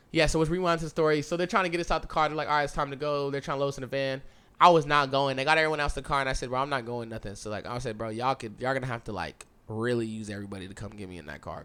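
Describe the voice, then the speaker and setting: A man's voice: mid-range voice, fast talker, clear, resonant tone. A young man hosting a podcast, telling a personal story in casual, slangy speech with lots of swearing and acted-out dialogue. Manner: animated, swearing, slangy, acts out past dialogue. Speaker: podcast host.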